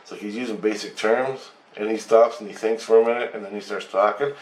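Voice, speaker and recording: Low-voiced man, casual profane storyteller, echoey room. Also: fairly quick. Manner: rambling, profane, animated retelling with acted-out quotes. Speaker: channel host. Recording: echoey room with faint noise.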